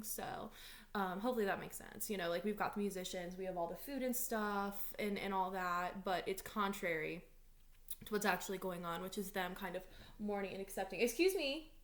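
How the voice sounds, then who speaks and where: A woman's voice: medium pitch, a bit bright. Chatty young woman teaching a lesson. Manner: chatty, lots of likes and ums, dramatic when reading lines aloud. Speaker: English teacher. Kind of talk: casual read-aloud lesson.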